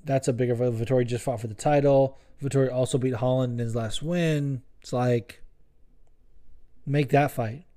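A man hosting a solo podcast, chatting loosely and cursing freely as he circles back to correct himself. His tone is soft and mellow at a middle pitch. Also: steady tone, normal speed. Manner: profane, rambling, self-correcting. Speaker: podcast host. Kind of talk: casual solo podcast chat.

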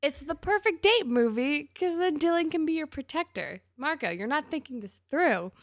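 A woman's voice: sits high, animated, normal speed, no room sound, studio quality. A woman hosting a podcast, chatting and gossiping as she recaps a TV episode. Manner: chatty, gossipy, acts out characters' lines. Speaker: podcast host. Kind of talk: casual chat recapping a TV episode.

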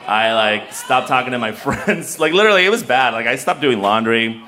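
Give me a young man telling a personal story on stage, candid and self-mocking, medium pitch. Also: expressive, moderate pace, pushed and bright.

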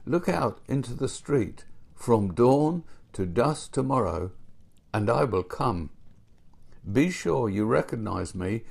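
A man voicing a calm, mysterious unseen male visitor who speaks solemnly. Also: mid-range voice, slow, gravelly, breathy edge, full character voice. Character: mysterious gentle male voice from nowhere.

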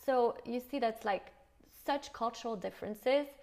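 A woman's voice: on the high side, a little slow, a little mellow. A middle-aged French woman with a French accent, hosting a casual solo podcast, frank and swearing casually, slipping in French phrases. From France. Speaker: podcast host.

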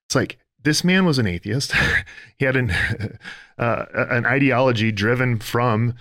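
A man's voice: medium pitch, a little slow, fairly bright tone, no room sound, studio quality. A man co-hosting a faith-based podcast discussion, speaking earnestly in a preacher-like way and building his points in lists. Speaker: podcast co-host.

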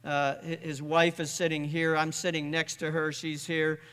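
A man with a slightly high, bright and forceful voice tells a personal story to a gathering. He stumbles and restarts often, repeating words as he goes. His voice carries a long reverb that lingers around the hall. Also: completely flat delivery, moderate pace, smooth. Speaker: speaker.

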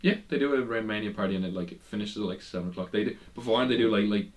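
A young man with a fairly low voice chats loosely about wrestling on a podcast. He rambles, stumbles over restarts and breaks into laughter now and then, keeping it casual and unpolished. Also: rapid-fire. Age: young adult. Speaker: podcast co-host.

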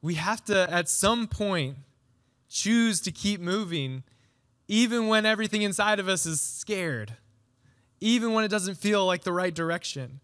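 A man's voice: sits high, expressive, unhurried, fairly bright tone. A pastor in his thirties giving a conversational sermon, acting out little quoted voices as he goes.

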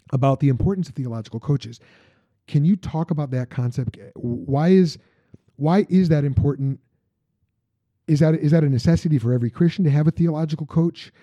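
Dark-voiced, conversational male podcast host. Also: mid-range voice, no room sound. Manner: conversational, halting with restarts. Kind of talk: casual interview chat. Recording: dull lo-fi sound.

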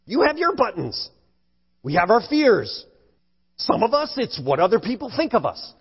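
A male pastor preaching a sermon in an animated way, at times acting out frightened voices. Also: very high-pitched, unhurried, slightly rough. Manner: animated, acts out scared voices for effect. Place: church sanctuary. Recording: dull sound with long hall reverb.

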